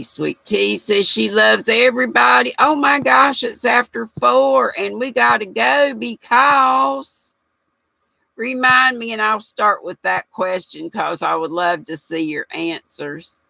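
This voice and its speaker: Gravelly older lady, slow folksy livestream chat, reads comments, dry sound. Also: medium pitch, expressive, bright, forceful tone, no room sound, low-quality recording. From United States. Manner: chatty, folksy, reads viewer comments aloud and laughs often. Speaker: livestream host.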